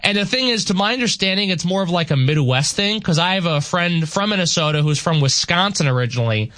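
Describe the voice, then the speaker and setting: A man with a bright, ringing voice and a slightly high pitch. He banters animatedly in a radio studio, leaning into his for emphasis. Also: quick pace. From East Coast of the US. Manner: animated, puts on thick accent for emphasis. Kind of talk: casual on-air banter.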